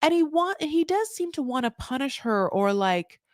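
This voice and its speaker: Animated gossipy woman with a dry sound. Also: normal speed, no room sound. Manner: animated, gossipy, with sudden jumps in pitch and loudness; says "honey" and "like" often. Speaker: podcast host recapping a reality show. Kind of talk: casual commentary.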